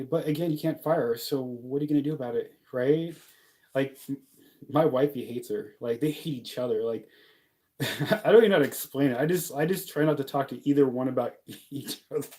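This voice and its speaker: Young man, casual rambling vlogger, jokey, mellow and relaxed in tone, mid pitch. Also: fairly quick. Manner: rambling, joking, frequent fillers and laughs. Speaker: vlogger living abroad. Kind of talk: casual talking-head vlog.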